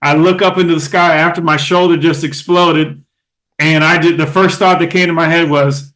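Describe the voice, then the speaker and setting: Middle-aged man, slightly high voice, casual storyteller, fillers and restarts, podcast guest. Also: steady tone, normal speed, fairly bright tone. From Oakland, California. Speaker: guest, former baseball catcher.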